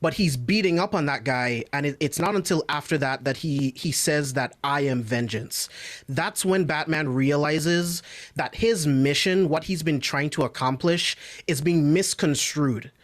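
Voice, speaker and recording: A man's voice: fairly high pitch, unhurried. A man who is a guest on a film podcast, making his points in a thoughtful way and politely disagreeing. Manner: thoughtful, politely pushes back. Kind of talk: casual movie review chat.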